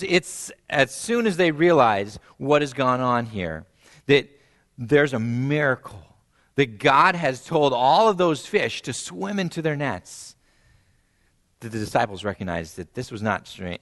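A man preaching a sermon, animated and storytelling, acting out quoted voices and softly repeating key phrases for emphasis. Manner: animated, acts out quoted voices with big pitch jumps. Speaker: pastor.

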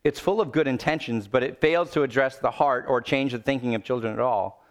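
A male pastor preaching a sermon, swinging between loud urgent pleading and low, quiet emphasis. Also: a little fast.

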